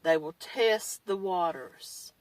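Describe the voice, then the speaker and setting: A woman's voice: lowish voice, takes it slowly, no room sound, distant mic, low-quality recording. A woman talking in a blunt, candid way, with mild swearing, in a casual monologue. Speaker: survivor vlogger. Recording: dry, set back from the mic.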